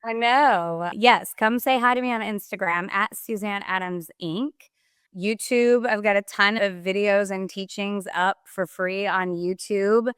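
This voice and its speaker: A woman with a smooth, clear voice and a dry, close sound talks as a podcast guest. She explains her ideas with energy and vivid examples, like a coach. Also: mid-range voice, steady tone, measured pace, a bit bright, no room sound. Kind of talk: motivational interview talk.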